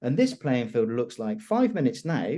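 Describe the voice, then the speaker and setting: A man trainer teaching influence techniques in an animated, expressive conversational way. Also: medium pitch, moderate pace. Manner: animated, expressive, laughs often.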